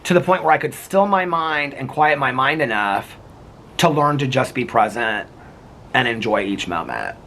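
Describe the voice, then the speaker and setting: A man's voice: medium pitch, big pitch swings, moderate pace, pushed and bright, a little hiss or hum. A man talking to camera in a casual, reflective vlog, rambling with lots of restarts and fillers. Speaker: vlogger.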